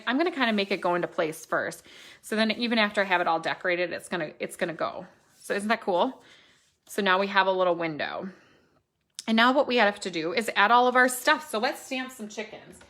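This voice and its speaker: A woman's voice: medium pitch, a bit bright. Chatty woman demonstrating crafts. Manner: chatty, thinks aloud and corrects herself. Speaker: stamping demonstrator.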